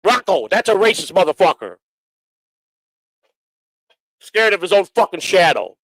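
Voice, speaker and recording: A man's voice: sits high, sing-song, a little slow, dry recording, low-quality recording. A middle-aged man, hosting his own livestream and ranting at critics with heavy profanity. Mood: angry. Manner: profane, combative, shouting at critics. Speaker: livestream host. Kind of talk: angry livestream rant.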